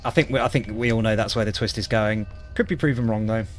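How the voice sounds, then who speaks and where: A man's voice: fairly low pitch, quick pace, soft background music. A man from Wales chatting as a gaming streamer, reacting with disgust and cracking self-deprecating jokes. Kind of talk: casual gaming commentary.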